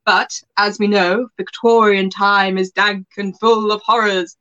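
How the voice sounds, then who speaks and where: Woman co-host, jokey and giggly, crisp bright tone, lo-fi sound. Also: medium pitch, level tone, unhurried. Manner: giggly, playful, jokey asides. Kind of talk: casual comedic podcast chat. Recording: muffled lo-fi audio.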